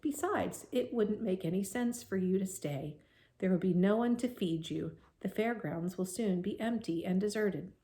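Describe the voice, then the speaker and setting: A woman reading aloud plays a wise spider in a soft storybook voice, quiet and calm. She talks low and steady, gently soothing. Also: normal speed, natural voice. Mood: gentle.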